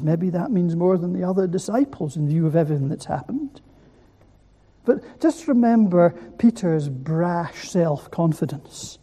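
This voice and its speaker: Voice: mid-range voice, animated, measured pace, dark tone, breathy edge. A preacher giving a sermon who asks the listeners rhetorical questions and repeats key words for weight. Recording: echoey hall.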